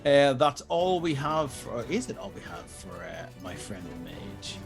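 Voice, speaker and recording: Male game master, mid-pitched, loose and profane, narrates combat with mouth sound effects, faint music behind. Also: sing-song, a little slow, creaky. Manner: casual, swearing, makes sound effects. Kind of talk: narrating a tabletop game on a live stream.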